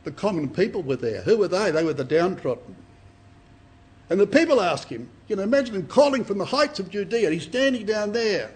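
Husky guy preaching a bible study, high voice that swings up and down, dramatic readings. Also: a little fast. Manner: animated, dramatic scripture reading with rhetorical questions.

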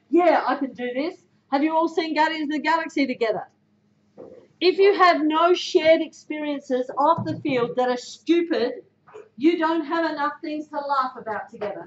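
A woman's voice: sits high, a bit bright, a little hiss or hum. A woman giving a direct, blunt motivational talk to a football team. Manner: direct, blunt, punchy coaching delivery. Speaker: speaker addressing a football team. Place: indoor room with a team. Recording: echoey room, dull lo-fi sound.

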